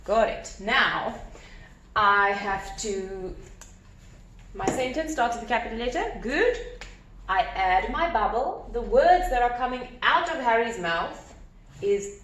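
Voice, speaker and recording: A woman teacher explaining a grammar lesson step by step, animated and repeating key points. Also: fairly high pitch, a little hiss or hum. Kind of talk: recorded grammar lesson at a whiteboard. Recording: echoey room with faint ambience.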